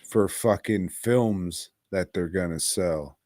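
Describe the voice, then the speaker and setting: A man's voice: low-pitched, slow, a little mellow, no echo, studio quality. A man co-hosting a podcast, talking in a sardonic, gloomy and profane way. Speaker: podcast co-host. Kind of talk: casual podcast chat.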